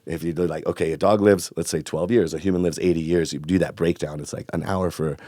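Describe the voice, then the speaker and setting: A very deep-voiced man in a dry, close recording, telling a rambling story full of swearing. He jumps into the voices of the people he describes and keeps a loose, chatty flow. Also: fast, dry recording. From Northern California. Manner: animated, profane, acts out voices in stories. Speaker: podcast guest. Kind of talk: casual storytelling chat.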